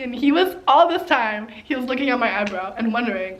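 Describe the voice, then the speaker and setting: A woman's voice: fairly high pitch, lively intonation, normal speed, fairly bright tone. A young woman chatting casually through her makeup routine, rambling with lots of fillers and giggles. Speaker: beauty vlogger. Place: home, getting ready on camera.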